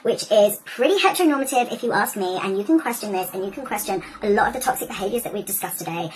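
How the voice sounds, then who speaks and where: A woman's voice: mid-range voice, lively intonation, fast, a little hiss or hum, rough recording. A woman doing comedic story time, full of teen slang and mock-earnest lecturing. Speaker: comic storyteller.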